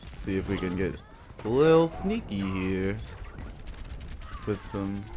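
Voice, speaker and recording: Playful, crude gaming commentator, low voice. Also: male voice, lively intonation, slow, mellow, slight background noise. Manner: playful, crude, self-mocking. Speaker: gaming video host. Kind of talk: casual gameplay commentary.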